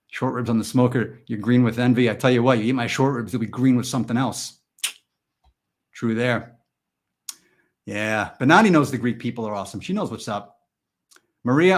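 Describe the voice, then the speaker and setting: A man hosting a live stream and chatting with viewers in a goofy, rambling way, jumping from loud mock-indignant bursts to mumbled asides. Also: medium pitch. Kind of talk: joking live chat with viewers.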